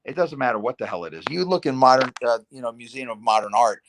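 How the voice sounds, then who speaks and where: This podcast host, a man in his fifties, has a medium-pitched, expressive voice and talks quickly over a noisy background. On a casual video call he rambles enthusiastically, jumping from one topic to another.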